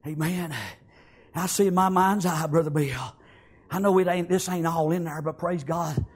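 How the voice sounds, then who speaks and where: A male preacher tells a story in a sermon with a high, husky voice. He punctuates it with amens and breaks into shouts. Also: fairly even intonation, moderate pace.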